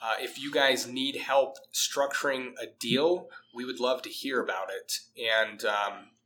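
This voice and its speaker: A man's voice: mid-range voice, steady tone, measured pace, sharp tone, rough recording. A man hosting a podcast in casual chat, talking through a cold with fillers and restarts. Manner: chatty, many fillers and restarts. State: has a cold. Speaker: podcast host.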